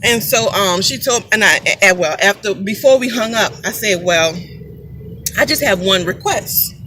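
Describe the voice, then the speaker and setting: A woman's voice: mid-range voice, animated, moderate pace, bright, forceful tone, a little hiss or hum, poor audio. A mother casually telling a story to camera, chatty and emphatic, repeating phrases for weight.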